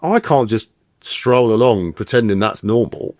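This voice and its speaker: A man's voice: on the low side, measured pace, no room sound, clean studio sound. A middle-aged man, an actor guest telling stories in a casual interview and acting out the voices he quotes. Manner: animated, acts out quoted voices.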